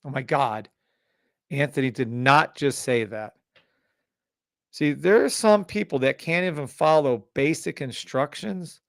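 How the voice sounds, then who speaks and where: Gravelly, blunt male livestream host. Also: medium pitch, a little slow, no echo, studio quality. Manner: blunt, exasperated, swears freely. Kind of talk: live-stream sales pitch and rant.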